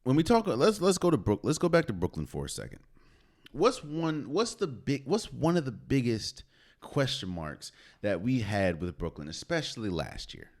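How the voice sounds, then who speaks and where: A man's voice: medium pitch, sing-song, normal speed, a little mellow. A man hosting a solo podcast, talking casually and conversationally, often repeating himself and restarting phrases. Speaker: podcast host. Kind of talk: solo sports talk.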